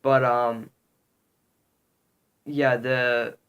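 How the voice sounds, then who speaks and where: A man vlogging to camera, telling a story in a rambling, halting way with lots of fillers, upset and indignant. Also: medium pitch, level tone, fairly bright tone, smooth, dull audio. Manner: rambling, halting, heavy on "um" and "literally".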